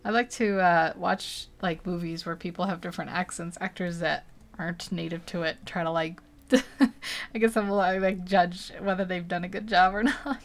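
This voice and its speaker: A woman's voice: lowish voice, steady tone, moderate pace. Chatty woman narrating her painting. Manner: chatty, rambling, laughs often. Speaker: digital art streamer. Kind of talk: casual narration while painting.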